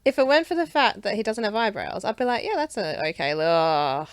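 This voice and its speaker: Woman, casual co-host, animated swearing banter, dry close sound. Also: mid-range voice, a little fast, no echo. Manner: joking, sweary, acts out mock quotes. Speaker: podcast co-host. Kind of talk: casual movie review chat.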